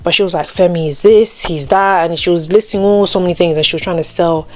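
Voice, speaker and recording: A woman's voice: on the low side, fast, a little mellow. A young adult woman telling a personal faith story in a casual, chatty way, full of "like" and "you know", raising her voice when she acts out what others said. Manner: acts out quoted people with a raised voice. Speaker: Christian storytime vlogger.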